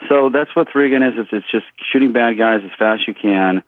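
A middle-aged man, a shooting instructor, telling rambling, lively stories in an interview, acting out what people said. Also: medium pitch, brisk, no echo. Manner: animated, rambling storyteller who acts out quotes. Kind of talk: casual storytelling in an interview. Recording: tinny phone-like line.

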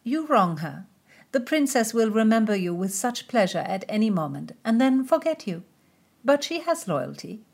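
A woman's voice: a little high, very animated, normal speed, vocal fry, darkish tone, voice pushed up, exaggerated voice. A woman voicing a worldly, teasing lady-in-waiting who speaks boldly. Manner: teasing, bold.

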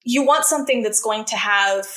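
A woman's voice: fairly high pitch, normal speed, pushed and bright. A woman guest on a podcast, telling her personal story candidly, earnest and emphatic, rising sharply when she relives her anger. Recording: roomy echo.

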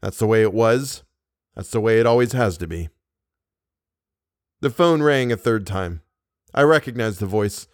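A man reading a short story aloud as the narrator, in a steady, deadpan way. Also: lowish voice, moderate pace, pauses often, no room sound, studio quality. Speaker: podcast narrator.

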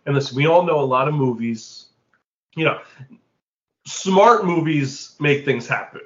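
A man's voice: a little high, lively intonation, echoey room, lo-fi sound. A man co-hosting a casual movie-review chat, joking wryly and swearing now and then. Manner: wry, swearing, quick jokes. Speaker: podcast co-host.

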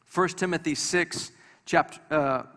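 A man's voice: on the high side, measured pace, sharp tone. A man preaching a sermon to a congregation, talking conversationally with light humor and often repeating his words as he restarts. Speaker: pastor. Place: church hall before a congregation. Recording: long hall reverb.

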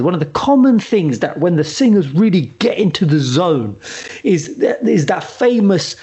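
Male co-host, high voice, animated storyteller, casual chat over a video call. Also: slightly rough. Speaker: podcast co-host.

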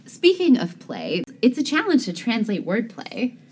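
A woman's voice: on the high side, wildly swooping pitch, unhurried, darkish tone, slightly rough. A woman co-hosting a podcast, reading scripted banter with a playful delivery. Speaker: podcast co-host.

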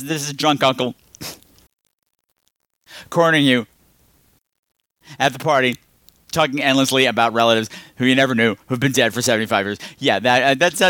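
A man hosting a casual film review podcast, rambling, sarcastic and exasperated. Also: dry recording. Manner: animated, with lots of pitch swings. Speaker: podcast host.

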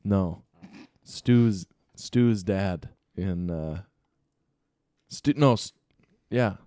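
A man's voice: deep voice, very slow, warm tone. A man co-hosting a comedy podcast, joking in casual chat and often trailing off mid-thought. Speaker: podcast co-host.

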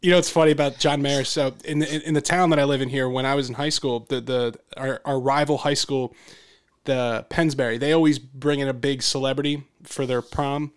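A man's voice: mid-range voice, fairly even intonation, fairly quick, clear, resonant tone. A man hosting a podcast, chatting in a rambling, easygoing way and laughing along with his guest. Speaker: podcast host. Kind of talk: casual podcast conversation.

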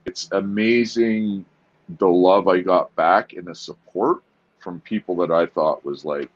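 A man with a very low voice speaks candidly in an interview, earnest and halting, stumbling and restarting as he searches for words. The sound is a little muffled and lo-fi. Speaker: podcast guest.

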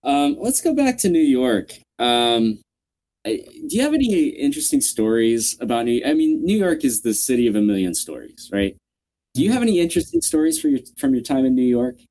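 An interviewer keeps a casual conversation going with upbeat, prompting questions. The voice moves a lot in pitch. It stays curious and easy. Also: very animated, a little fast, dark tone.

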